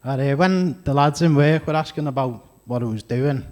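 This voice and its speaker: A man's voice: mid-range voice, moderate pace, a little mellow. A man with a Scouse accent doing a stand-up comedy set on a club stage, chatty and self-deprecating, with crude punchlines. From Liverpool area, England.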